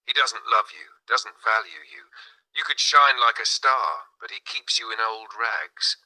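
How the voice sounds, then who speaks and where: A man voicing a sly male spirit of deception in a slow, insinuating whisper. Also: lowish voice, animated, bright, forceful tone, exaggerated voice, low-quality recording.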